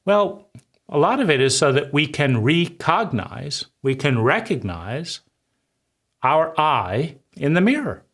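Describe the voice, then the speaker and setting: A man's voice: a little high, very animated, slow, fairly bright tone. A man giving a reflective spoken lecture, who asks himself questions, answers them, and keeps checking in with "right?". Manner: conversational, keeps asking "right?". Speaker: speaker giving a talk.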